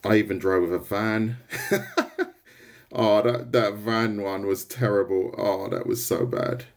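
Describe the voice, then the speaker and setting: A man talks on his art livestream in an easy, rambling way. His voice sits slightly low, and he keeps breaking off to greet viewers. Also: steady tone, slow. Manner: rambling, chatty, answers viewer comments. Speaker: artist livestreamer. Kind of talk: casual livestream chat while drawing.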